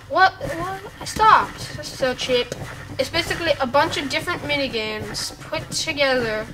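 A young woman casually commenting on her gameplay, excitable and prone to bursts of squealing shouts. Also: on the high side, a little hiss or hum, low-quality recording. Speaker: gaming channel host.

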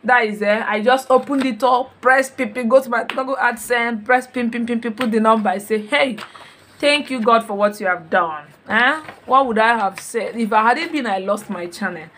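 A woman talks straight to her viewers in a casual home vlog. Her voice sits fairly high, and she tells her story in an animated way, full of exclamations and repeated phrases. A faint hiss runs behind her. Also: moderate pace, hardly any pauses. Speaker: vlogger. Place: home in Europe.

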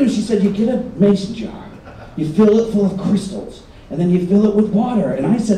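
High-voiced man doing live stand-up. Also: a little fast. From Michigan. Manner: animated storytelling, acts out voices. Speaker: stand-up comedian. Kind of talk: stand-up comedy set. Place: resort comedy stage. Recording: roomy live stage audio, heard from a distance. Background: audience laughter.

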